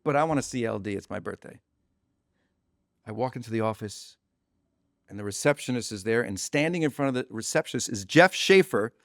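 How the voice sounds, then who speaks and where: A male comedian telling a story with animated energy, acting out the people in it. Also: fairly high pitch, no room sound, clean studio sound. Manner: animated, breathless, acts out every voice. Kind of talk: podcast anecdote.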